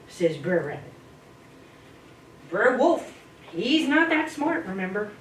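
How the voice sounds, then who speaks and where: A woman at a speaking club telling a folk tale in a dramatic, playful way, swooping in pitch and volume. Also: very animated, slow pace, long pauses. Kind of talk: animated folk-tale storytelling. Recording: echoey room, distant mic, faint hiss.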